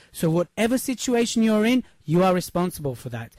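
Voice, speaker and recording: High-voiced upbeat male radio host. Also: big pitch swings, fairly quick, few pauses, a little mellow, dry recording. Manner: emphatic, repeats points, asks "yes?". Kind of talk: upbeat motivational radio talk. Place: radio studio. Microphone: studio microphone.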